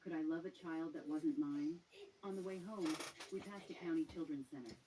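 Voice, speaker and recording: Low-voiced woman narrating a story. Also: normal speed, noisy background. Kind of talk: first-person story narration. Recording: music playing underneath.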